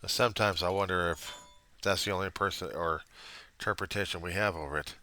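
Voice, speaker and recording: A man speaking in a rambling, self-deprecating video diary to a reverend, moving between quiet musing and loud outbursts. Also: deep voice, fairly even intonation, fairly quick. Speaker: video diarist addressing a reverend. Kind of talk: personal video diary monologue.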